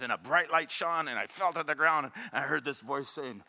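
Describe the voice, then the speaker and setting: Guy in his 60s preaching, high voice, crisp and bright, jokes around with the crowd. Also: a little fast, hardly any pauses. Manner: animated, joking storyteller who prompts the congregation. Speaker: pastor. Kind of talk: sermon.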